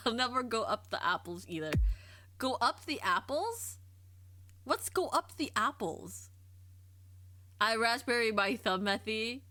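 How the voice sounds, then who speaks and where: A woman streamer chatting casually on a livestream, curious and quick to laugh, often stumbling and repeating herself as she thinks aloud. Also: a little high, bright, forceful tone, dry recording. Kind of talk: casual livestream chat, reading and answering chat.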